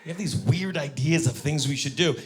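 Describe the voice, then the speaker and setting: A male stand-up comedian performing a set on stage, acting out characters with sudden high-pitched shouts. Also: fairly quick. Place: comedy venue with audience.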